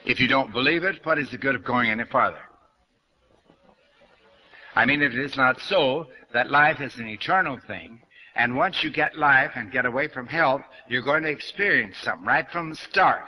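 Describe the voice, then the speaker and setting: A man's voice: mid-range voice, moderate pace, sharp tone, rough recording. An older man giving a spiritual lecture to an audience, blunt and questioning, speaking straight to his listeners. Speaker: New Thought lecturer.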